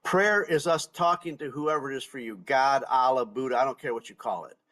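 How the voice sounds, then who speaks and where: A man's voice: medium pitch, a little fast, fairly bright tone. A middle-aged man hosting a podcast, speaking earnestly and emphatically, often repeating and restarting words. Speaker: podcast host. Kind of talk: casual interview chat.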